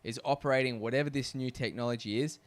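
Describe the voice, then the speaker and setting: A man's voice: mid-range voice, quick pace. A man co-hosting a podcast, talking in casual chat and arguing his point emphatically, with some swearing. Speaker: podcast co-host.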